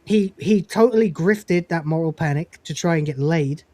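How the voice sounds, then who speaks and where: A man's voice: fairly high pitch, a little mellow, no echo. British man, livestream host, profane, mocking, dry sound. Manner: profane, mocking, quick to laugh. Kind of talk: casual panel chat.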